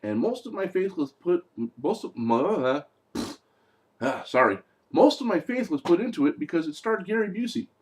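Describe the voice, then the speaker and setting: Casual male movie reviewer, slightly high voice, animated and mocking. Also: normal speed.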